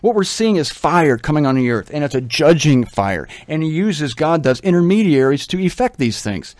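A man's voice: fairly high pitch, very animated, moderate pace, a little mellow. A man giving a radio Bible teaching in an earnest, emphatic, pleading manner, at times repeating words.

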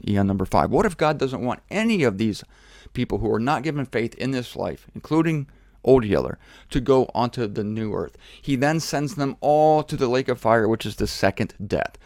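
A man giving a casual, joking Bible teaching to camera, irreverent and animated. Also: medium pitch, no room sound, clean studio sound.

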